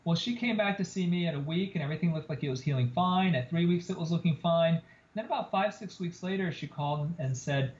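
A man who is a plastic surgeon, telling an animated story as a guest on a podcast interview. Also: on the high side, fast talker. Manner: animated storyteller, acts out quoted lines. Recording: roomy, slightly dull podcast audio.

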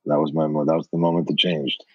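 Deep-voiced man telling blunt, profane stories. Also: fast, breathy edge, no echo, highs cut off. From New York. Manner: blunt, profane, animated storyteller. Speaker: guest. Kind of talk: candid storytelling with profanity.

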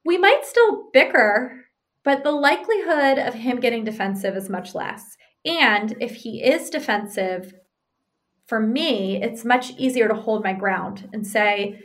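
A woman's voice: fairly high pitch, unhurried. A woman, in the role of a relationship counselor, explaining couples advice conversationally, acting out example arguments and often checking in with "right?". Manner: animated, acts out example arguments.

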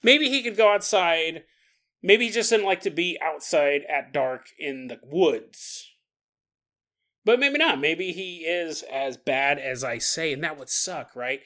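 A man's voice: a little high, expressive, slow, bright, forceful tone. A man hosting a paranormal podcast in a casual, rambling comedic monologue, laughing often and acting out the voices he quotes. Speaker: podcast host.

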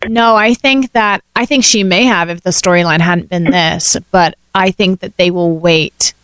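British actress chatting on a podcast, low-ish voice, super dry mic. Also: female voice, moderate pace, clean tone, dry recording. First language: British English accent. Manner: chatty, animated storytelling with laughs. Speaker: actress guest. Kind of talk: casual podcast chat.

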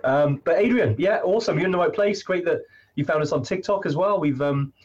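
Male live-stream host, husky, chatty, lots of ums, muffled audio. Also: on the high side, fairly quick. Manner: hesitant, many fillers, chatty. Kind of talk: casual live chat.

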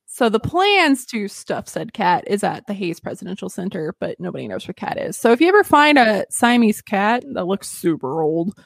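A woman's voice: mid-range voice, sing-song, normal speed, vocal fry, hardly any pauses, no room sound, clean studio sound. A woman hosting a casual history podcast, telling stories in a chatty, giggly way with lots of fillers. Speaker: podcast host.

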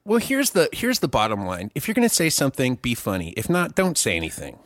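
A sarcastic man trading crude jokes on a comedy podcast, his pitch rising and falling. He sounds dry and close to the mic. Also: wildly swooping pitch, fast talker, fairly bright tone, no echo. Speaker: podcast co-host. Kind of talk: casual comedic chat.

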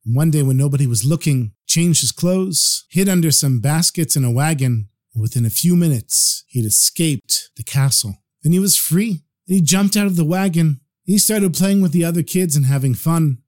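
A man telling a parable as a storyteller, in an animated, expressive way. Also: a little high, moderate pace, few pauses.

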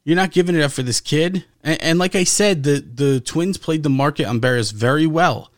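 Animated, swearing male podcast co-host. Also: fairly high pitch, a little fast, no echo, studio quality. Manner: animated, swears often, emphatic. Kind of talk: casual sports chat.

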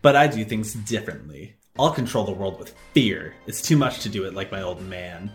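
A man voicing a cold, arrogant young company president who makes smug, slow speeches. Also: deep voice, lively intonation, soft background music, voice pushed down.

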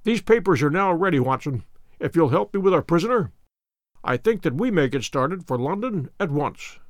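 A man voicing a calm, witty male detective who speaks with dry, courteous irony, in an audiobook reading. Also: on the high side, moderate pace, no room sound, close to an everyday voice. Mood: wry.

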